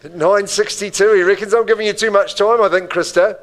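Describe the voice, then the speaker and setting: A man's voice: high voice, fairly even intonation, fairly quick, fairly bright tone, poor audio. A man with a New Zealand accent calling bids at a live property auction, with rhythmic bid calls and chatty asides to the room.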